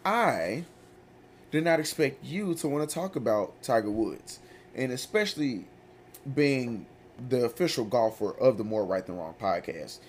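A man's voice: mid-range voice, very animated, a little hiss or hum. Easygoing slangy male podcast host. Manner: loose and slangy, drawn-out storytelling. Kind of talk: casual podcast chat.

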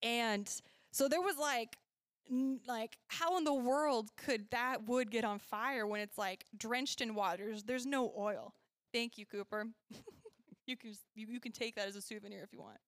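A woman's voice: on the high side, normal speed, dry recording, studio quality. A woman teaching a casual Bible lesson to children at church. She is chatty, laughs often and corrects herself as she goes.

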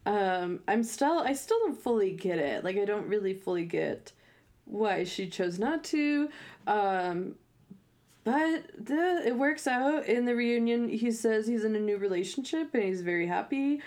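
A woman's voice: mid-range voice, expressive, measured pace, a little mellow. A woman in casual podcast chat, talking with lots of fillers and laughing often. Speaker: podcast co-host. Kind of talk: casual chat recapping a reality show.

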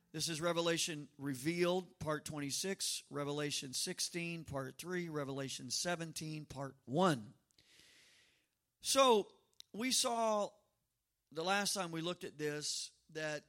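Male pastor, higher voice, animated sermon delivery. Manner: lively, shifts from quiet to loud; conversational storytelling preacher.

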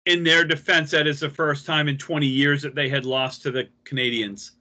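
A married man hosting a casual podcast, easygoing as he tells corny dad jokes. His voice is quite bright and sits a bit high. He talks in a relaxed, chatty way. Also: moderate pace. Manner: corny joke-telling, easygoing. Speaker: podcast host. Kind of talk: casual chat.

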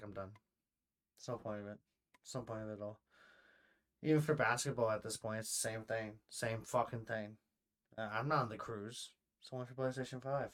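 A young man co-hosting a casual podcast, swearing freely and telling stories with rising excitement. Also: medium pitch. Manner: profane, animated storytelling, swears often. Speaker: podcast co-host and streamer.

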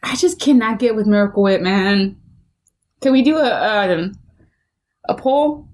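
A woman's voice: mid-range voice, moderate pace, darkish tone. Playful woman podcast host. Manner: joking, playful, drawling asides. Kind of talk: casual chat.

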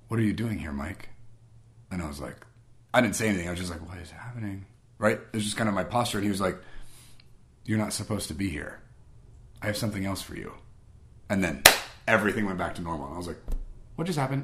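A man from Guam tells his own story at a brisk, rapid clip, his voice sitting fairly low. He talks casually, leans on "like" and "I was like", and slips into quoted dialogue as he goes. The delivery is personal storytelling rather than a script. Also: a bit bright. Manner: conversational, acts out quoted dialogue, frequent "like" and "I was like". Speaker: speaker sharing a personal testimony.

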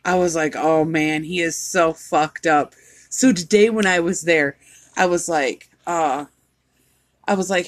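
A woman's voice: deep voice, steady tone, a little slow, no echo. A woman co-hosting a casual podcast chat, telling stories with frequent swearing and laughter. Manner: profane, laughing storyteller. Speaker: podcast co-host.

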